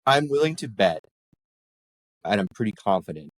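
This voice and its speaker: A man's voice: on the low side, sing-song, normal speed, no room sound, poor audio. A middle-aged man, a local councillor, telling anecdotes in casual chat and jumping into voices when he quotes people. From Canada. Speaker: ward councillor, podcast guest.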